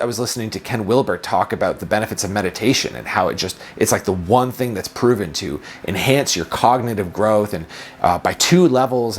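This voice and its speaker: A man's voice: mid-range voice, breathy edge. A man in his thirties, a productivity coach, giving a reflective self-help talk full of questions and repeated phrases.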